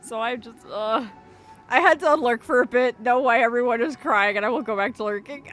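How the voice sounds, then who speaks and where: A woman's voice: on the high side, fairly quick, fairly bright tone. A woman streamer crying and reacting emotionally during casual live gameplay commentary. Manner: emotional, sobbing, exclamatory. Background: game music.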